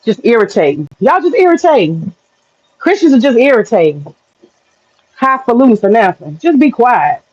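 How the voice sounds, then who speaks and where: A woman's voice: a little high, very animated, moderate pace, pauses often, a little mellow, slightly rough. A woman streaming live, ranting bluntly and profanely to her chat and breaking into laughter often. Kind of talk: casual livestream rant to chat. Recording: dull lo-fi sound with faint noise.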